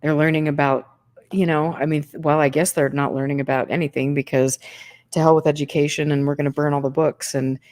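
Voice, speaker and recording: A woman's voice: low voice, flat delivery, fairly quick, darkish tone. A woman hosting a casual conversation, rambling and searching for words.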